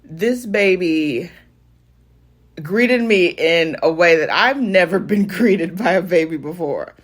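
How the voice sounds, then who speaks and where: A woman's voice: on the low side, lively intonation, slow. A young adult woman casually telling a funny personal story to her viewers, laughing often and calling them y'all. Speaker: vlogger.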